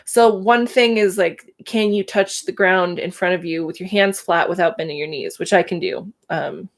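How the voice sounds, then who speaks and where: A woman's voice: on the low side, steady tone, normal speed. A woman, telling her own story candidly and with emotion on a casual livestream. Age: 30s. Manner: candid, emotional, laughs between thoughts. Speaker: livestream host.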